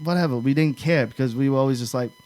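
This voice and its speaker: Speaking fast in a mid-range voice with no echo, a podcast co-host from New York spins wild tales in casual conversation. He's profane and animated, swearing freely and performing his friends' lines.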